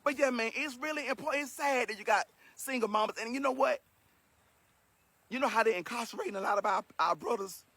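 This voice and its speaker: A man's voice: extremely high pitch, a little fast, sharp tone, breathy edge, no room sound. A man giving an earnest, emotional spoken lesson to his viewers in a casual, repetitive way. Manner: earnest and preachy, repeats himself, emotional. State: sweating.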